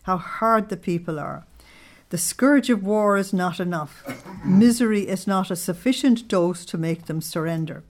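A woman leading a devotional study group, reading spiritual passages aloud and slowing down to stress key words, often checking that her listeners follow. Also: medium pitch, darkish tone. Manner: asks listeners to check their understanding. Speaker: religious study group leader.

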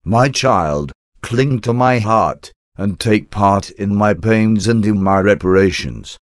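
A man reading the words of a gentle, suffering teacher, soft and solemn. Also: lowish voice, slow, no room sound, clean studio sound.

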